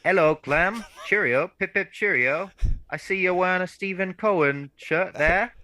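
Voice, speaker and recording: A man doing a jokey impression of a cheery, exaggerated posh English gentleman in a high, sing-song voice. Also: a little slow, no room sound.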